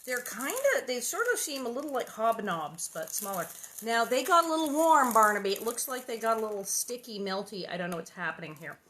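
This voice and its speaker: Bright-voiced woman, chatty storyteller. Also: a little high, sing-song, a little fast. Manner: chatty, rambling, playful asides. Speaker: actress reading a children's novel aloud. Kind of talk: casual chat and reading aloud.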